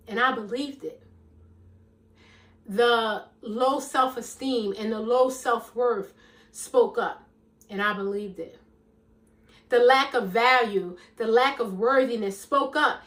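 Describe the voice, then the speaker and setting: A middle-aged woman life coach giving a motivational talk in an emphatic, preacherly way, with a loud, commanding voice, calling listeners "baby" and "girl.". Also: a little high, recorded from a distance. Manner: self-described loud, commanding voice.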